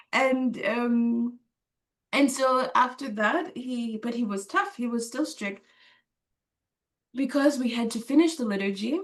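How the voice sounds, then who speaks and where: A woman's voice: fairly high pitch, gravelly. Woman telling a story, laughs a lot, lots of ums, kinda far from the mic. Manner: emotional, laughing, many fillers and restarts. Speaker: interview guest. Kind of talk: personal storytelling.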